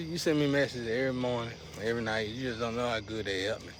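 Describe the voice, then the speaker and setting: A vlogger speaks directly to his viewers in a loose, slangy, rambling monologue, his middle-pitched voice restlessly surging louder and then dropping low. His tone stays steady and his pace quick, with a faint background hum underneath.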